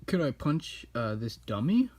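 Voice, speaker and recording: A man's voice: mid-range voice, sing-song, measured pace, a little mellow, pitched above the performer's own voice. A man voicing a clumsy, nervous male panda hero in a goofy, hesitant way while retelling a cartoon.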